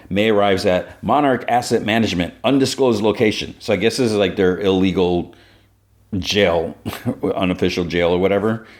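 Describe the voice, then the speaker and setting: A man hosting a podcast, retelling a TV episode in a loose, chatty way, full of "like" fillers. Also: sits low. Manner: loose storytelling with many "like" fillers. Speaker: podcast host. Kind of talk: casual episode recap.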